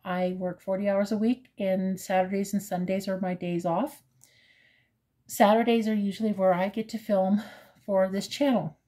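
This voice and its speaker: Mellow-voiced woman with halting talk. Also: mid-range voice, little pitch movement. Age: 50s. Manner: hesitant, halting, full of fillers; openly emotional, earnest. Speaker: crochet vlogger. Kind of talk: casual personal vlog talk.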